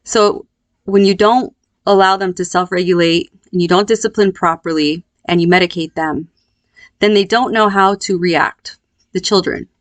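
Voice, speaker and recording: A woman in her thirties telling a personal story in a candid, reflective, unhurried way. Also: fairly low pitch, steady tone, dry recording. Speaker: vlogger.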